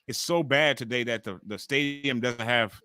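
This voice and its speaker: A man in his forties hosting a wrestling watch-along live stream, reacting excitably and ranting with heavy swearing. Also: medium pitch, normal speed, clean tone, no room sound, studio quality. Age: 40s.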